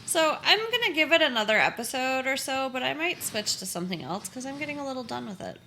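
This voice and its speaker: A woman with a lively, swooping voice and a bright tone, chatting as a podcast co-host. She retells the plot loosely, leaning on fillers like "you know". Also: high-pitched, fast, creaky, a little hiss or hum. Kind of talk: casual chat about a TV show.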